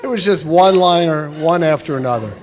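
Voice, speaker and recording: A man's voice: a little high, animated, fast. Middle-aged man telling fond eulogy stories. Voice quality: warm storytelling, chuckles through stories. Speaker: son giving a eulogy. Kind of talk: eulogy with humorous anecdotes. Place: funeral chapel.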